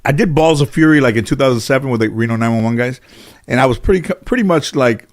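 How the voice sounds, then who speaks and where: A man's voice: mid-range voice, quick pace. A middle-aged man, a guest in an interview, telling casual stories in a rambling way full of "you know". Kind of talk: casual storytelling.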